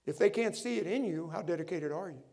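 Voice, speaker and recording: A middle-aged man preaching a sermon to his congregation, animated, asking the room rhetorical questions. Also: on the high side, fast talker. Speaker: pastor.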